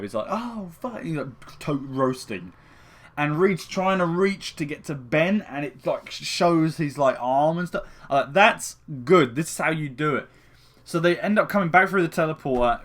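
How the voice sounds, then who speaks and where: A young man giving a casual spoken film review, rambling and swearing heavily with frequent restarts. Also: medium pitch.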